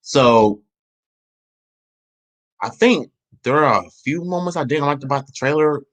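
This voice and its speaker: A man hosting his own channel, chatting casually about a movie trailer in a rambling way, restarting his sentences and speeding up when excited. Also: a little high, a little slow. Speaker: channel host. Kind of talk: casual trailer review chat.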